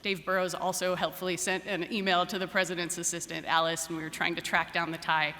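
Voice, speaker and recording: Bright-voiced woman speaking in an echoey hall. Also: fairly low pitch, flat delivery, fast, hardly any pauses. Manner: anecdotal, self-deprecating, with fillers and restarts. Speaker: religious studies professor giving a ceremony address. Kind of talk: humorous speech, then guided meditation. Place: large hall at a ceremony.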